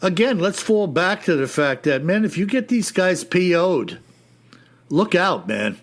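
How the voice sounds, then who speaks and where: A man co-hosting a podcast in relaxed, rambling chat. He drops in casual fillers often. His voice sits slightly high. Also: unhurried. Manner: laid-back, says "man" and "you know" a lot. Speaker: podcast co-host.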